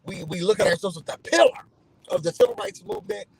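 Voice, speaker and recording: This man's voice sits high and moves fast, with a creaky, slightly rough quality, captured in a dry, poor-quality recording. Recapping a reality show for his channel in a casual, animated way, he performs what people said in different voices.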